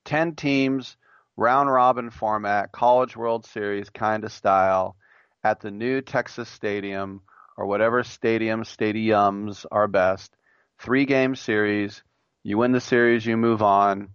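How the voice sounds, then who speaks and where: A man's voice: fairly low pitch, fairly even intonation, takes it slowly, fairly bright tone, clean tone, dry recording, lo-fi sound. A man hosting a sports talk radio show, reading a listener's idea aloud and then giving his blunt, joking opinions on it. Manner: jokey, mimics imagined voices.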